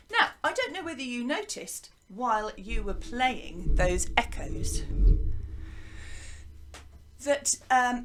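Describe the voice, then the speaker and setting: A woman teaching a lively music lesson to young children, encouraging them and chanting rhythms for them to copy. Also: on the high side, slight background noise. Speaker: primary school music teacher.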